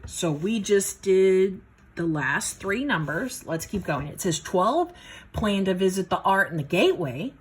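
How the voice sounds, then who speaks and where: A woman's voice: mid-range voice, big pitch swings, measured pace, slightly rough. A woman teaching math in a casual, folksy way, talking herself through each step of a problem. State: a little out of breath. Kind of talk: casual worked-problem lesson.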